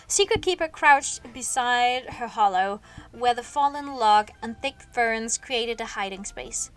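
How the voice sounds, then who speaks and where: A woman with a high voice reads a novel aloud on a home stream. She sounds sleepy and yawns now and then, and she catches and corrects small slips as she goes. Soft music plays faintly under her voice. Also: a little slow, clear, resonant tone. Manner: expressive reading with small slips and self-corrections. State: sleepy, yawning. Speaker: streamer reading a book aloud.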